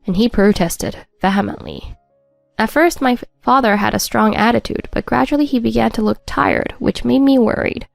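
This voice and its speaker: A woman's voice: fairly high pitch, normal speed, creaky, no room sound. Brief: woman narrator, scripted first-person story, wry and matter-of-fact, faint music underneath.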